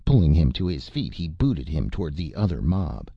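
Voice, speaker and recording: A man narrating a novel as an audiobook, in a measured storytelling manner. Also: a bass voice, big pitch swings, gravelly, husky, no room sound, dull audio. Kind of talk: scripted narration.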